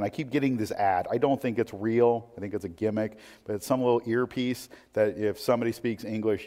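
A man preaching a sermon who moves between quiet musing and loud, emphatic delivery, full of rhetorical questions. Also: lowish voice. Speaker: pastor. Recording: long hall reverb.

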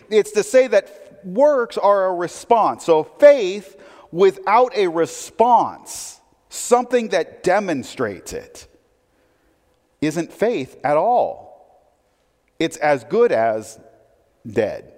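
A pastor with a high-pitched voice preaches a sermon conversationally, putting rhetorical questions to his listeners. There's a long reverb tail.

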